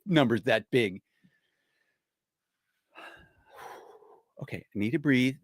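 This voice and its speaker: Excitable older man, lively pitch, dry sound. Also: slow, pauses often, no room sound. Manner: excitable, rambling, repeats himself. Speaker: host. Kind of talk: casual commentary on a played clip.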